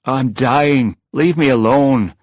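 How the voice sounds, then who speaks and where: A man's voice: mid-range voice, slow pace, no echo, studio quality, pitched above the performer's own voice. A man reading a storybook and voicing a hungover male writer who mumbles and protests, groggy and flustered.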